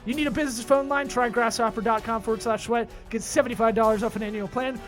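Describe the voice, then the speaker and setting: A man's voice: extremely high pitch, steady tone, fairly bright tone, soft background music. A man hosting a comedy business podcast, reading sponsor plugs and joking with his co-host. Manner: jokey, rapid-fire sponsor plugs. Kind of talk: casual podcast chat with ad reads.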